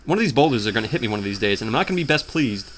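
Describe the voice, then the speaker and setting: A man's voice: on the low side, animated, rapid-fire, fairly bright tone, slight background noise. A man giving crude, mocking commentary while playing a video game, humming the theme and trying out funny voices. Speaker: let's player. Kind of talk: casual gameplay commentary.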